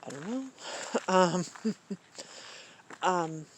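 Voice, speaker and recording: A woman's voice: lowish voice, expressive, drawn-out words. Middle-aged woman, from Maine, hesitant reflective vlog, outdoors in woods, faint background noise. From Maine, USA. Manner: hesitant, musing, many ums and restarts. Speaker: vlogger. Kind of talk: reflective personal monologue.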